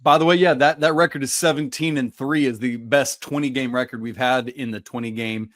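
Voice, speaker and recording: A man's voice: medium pitch, steady tone, brisk, a bit bright. A man co-hosting a sports podcast, arguing his points emphatically in a casual debate. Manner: emphatic, argumentative. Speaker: podcast co-host.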